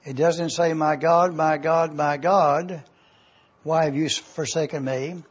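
A man teaching a sermon slowly and deliberately, repeating points for review. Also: a little high, steady tone, breathy edge. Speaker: preacher. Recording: dull lo-fi recording.

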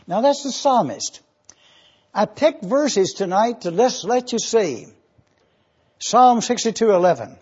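Slow, deliberate preaching man, husky. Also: sits high, very animated, darkish tone, muffled recording. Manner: deliberate preaching, stretches key words. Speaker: pastor. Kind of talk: sermon.

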